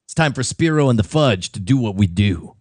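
A man's voice: mid-range voice, expressive, a little fast, no room sound, clean studio sound. A man playing a cop in an improvised tabletop game, often pulling the others back to the task. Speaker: player. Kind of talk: improvised tabletop role-play.

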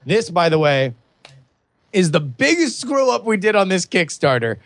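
A young adult man co-hosting a podcast, chatting casually and excitedly with many restarts. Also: high voice, normal speed, no room sound. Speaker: podcast co-host. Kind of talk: casual chat.

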